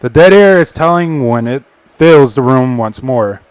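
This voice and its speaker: A man's voice: mid-range voice, animated, unhurried, darkish tone, clean tone, no echo. A young man casually reading a visual novel aloud on a stream, with profane asides. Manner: casual, swearing, laughing asides.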